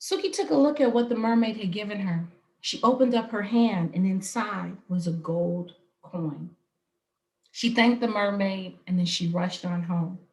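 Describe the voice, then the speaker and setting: A woman from Arizona tells a story at an unhurried, deliberate pace, her voice in a middle range. Her telling is expressive and rhythmic, building the scene line by line. The room gives a noticeable echo. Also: mid-range voice. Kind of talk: live storytelling. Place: home, online stream.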